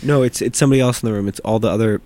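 A man co-hosting a show, trading dry, deadpan quips in casual banter. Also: fairly low pitch, very fast, a little hiss or hum.

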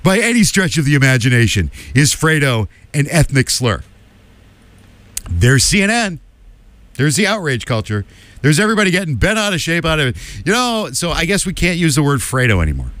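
A man's voice: a little high, very animated, a little fast, fairly bright tone, no echo. A man hosting a radio talk show, delivering a combative opinion monologue with emphatic asides. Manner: combative, emphatic, keeps asking "okay?".

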